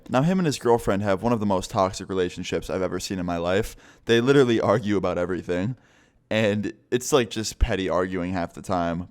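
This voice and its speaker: Casual, swearing male storyteller, lowish voice. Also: clear, resonant tone. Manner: casual, rambling, swears often. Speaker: vlogger. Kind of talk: story time vlog.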